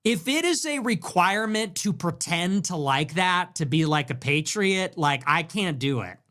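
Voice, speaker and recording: A man's voice: high voice, expressive, a little slow, pushed and bright. A young man hosting his own livestream, ranting and joking sarcastically about the news. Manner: mocking, joking, rants. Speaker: political streamer host.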